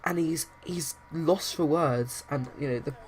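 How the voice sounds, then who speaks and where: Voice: mid-range voice, a little slow. A host narrating a life-simulation game casually, retelling scenes with quoted lines. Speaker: let's play host.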